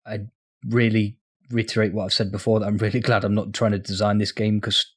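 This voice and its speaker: A man's voice: on the low side, flat delivery, a little fast, husky. A man co-hosting a casual gaming podcast, rambling and sweary with frequent laughs. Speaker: podcast co-host.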